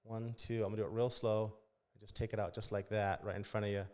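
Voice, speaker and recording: A man's voice: on the low side, level tone, fast, a little mellow. A man who directs a church kids ministry, telling stories in casual podcast chat and acting out children's voices. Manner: storytelling, acts out kids' voices. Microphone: podcast studio mic.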